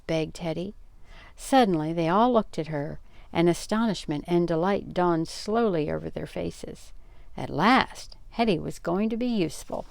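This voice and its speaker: An older woman reads a storybook aloud, her low, gravelly voice close and dry on the mic. She slips into lively voices for each child in the story, carrying the scene along at a steady storytelling pace. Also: measured pace, dry recording. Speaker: grandmother reading aloud.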